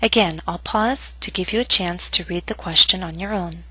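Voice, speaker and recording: Woman teacher, bright husky voice. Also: lowish voice, no echo, rough recording. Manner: slow, clearly enunciated model readings. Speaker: English pronunciation teacher. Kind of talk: scripted instructional narration.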